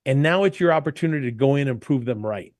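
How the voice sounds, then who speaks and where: A man's voice: mid-range voice, fast, dry recording, clean studio sound. A man who owns an entertainment company, chatting in an interview and giving business tips. He tells stories with energy and acts out the quotes. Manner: animated storyteller, emphatic, acts out quotes. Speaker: DJ entertainment company owner, guest.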